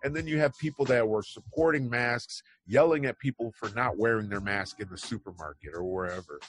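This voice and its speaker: A man's voice: medium pitch, brisk. A man hosting an online news show, talking casually and rambling through his opinions with wry asides. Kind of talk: casual commentary on news headlines.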